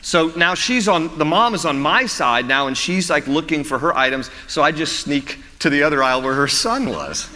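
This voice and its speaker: A man's voice: a little high, normal speed, hardly any pauses, pushed and bright. A man preaching a sermon as pastor, mixing scripture teaching with humorous personal stories and laughter. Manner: storytelling, self-deprecating humor with laughs. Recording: reverberant hall.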